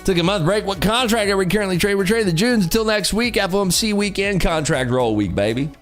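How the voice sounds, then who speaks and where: Tired, animated male stream host. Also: sits high, fast talker, soft background music. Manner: animated, joking, reads chat aloud. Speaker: day-trading livestream host. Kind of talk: casual livestream chat.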